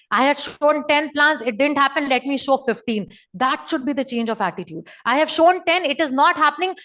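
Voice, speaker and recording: A woman giving an emphatic, repetitive motivational talk over a video call. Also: high voice. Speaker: motivational speaker.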